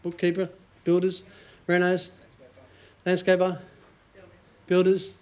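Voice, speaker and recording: Australian man, 40s, motivational speaker, high voice, jokey storyteller, laughs a lot. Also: completely flat delivery, slow. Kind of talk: live talk to a small audience.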